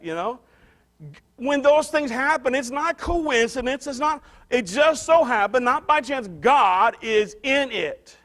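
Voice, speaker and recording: High-voiced man preaching a conversational sermon. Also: a bit bright. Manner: conversational, restarts and repeats phrases for emphasis. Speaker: pastor.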